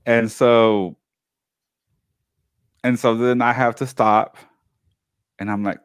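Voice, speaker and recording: A man co-hosting a talk show, telling a personal story in a casual, animated way and acting out the family members he quotes. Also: mid-range voice, takes it slowly, pauses often, clean tone, no room sound, clean studio sound. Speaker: co-host.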